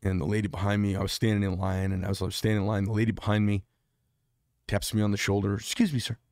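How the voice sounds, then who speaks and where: Blunt middle-aged man, low dry voice. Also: monotone, fast, a little mellow, no echo. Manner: blunt, rambling, self-interrupting. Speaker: veteran vlogger. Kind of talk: candid spoken monologue.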